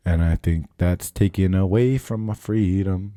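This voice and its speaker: A man's voice: deep voice, measured pace, dark tone. A man in his thirties hosting a podcast, telling stories in loose, profane casual chat and laughing often. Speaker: podcast host.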